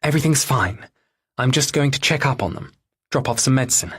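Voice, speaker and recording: A man's voice: medium pitch, lively intonation, brisk, husky, pitched above the performer's own voice. A man voicing a strained, anxious young wife in an audiobook, pleading and tense. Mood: evasive. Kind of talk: audiobook dialogue.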